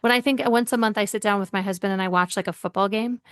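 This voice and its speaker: A woman's voice: medium pitch, steady tone, fast talker, smooth. A woman leadership coach, a guest on an interview podcast, telling workplace anecdotes and acting out the dialogue. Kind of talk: conversational interview.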